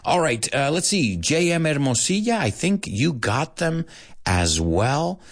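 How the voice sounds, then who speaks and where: A man hosting a live-streamed English lesson, playful and animated, dropping into Spanish asides now and then. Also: on the high side, measured pace. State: out of breath at times.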